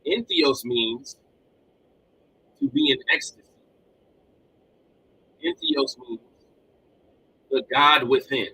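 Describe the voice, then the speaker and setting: A man's voice: on the high side, takes it slowly, long pauses, slightly rough, low-quality recording. A man hosting a live motivational podcast, talking energetically and repeating himself for emphasis. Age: adult with children. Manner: energetic, repetitive, animated delivery. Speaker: podcast host. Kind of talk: motivational live-stream talk. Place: home room with collectibles behind him.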